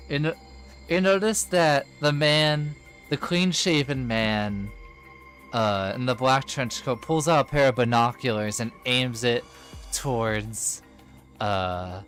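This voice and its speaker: A man running a tabletop game as game master, narrating in a halting way with many filler sounds. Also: medium pitch, a bit bright.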